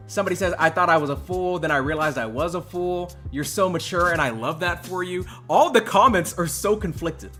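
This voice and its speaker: A man hosting a livestream, mock-emotional, jumping between loud outbursts and hushed mumbling. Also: high voice, brisk, few pauses, soft background music. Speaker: host. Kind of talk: livestream commentary.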